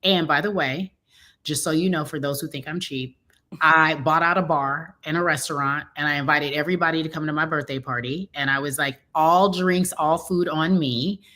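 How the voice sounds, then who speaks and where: A woman with a notably deep voice co-hosts a relaxed talk show. She is middle-aged and tells her stories with animation, slipping into the voices of the people she quotes. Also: brisk. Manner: animated storytelling, acting out quoted dialogue. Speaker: co-host. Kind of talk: casual chat.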